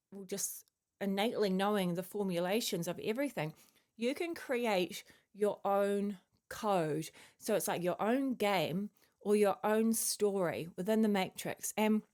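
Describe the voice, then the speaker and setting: A woman's voice: mid-range voice, a little mellow. A woman giving a casual, rambling spiritual talk as a channeler, full of fillers and musing asides, chewing a mint while she speaks. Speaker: channeler sharing spiritual messages.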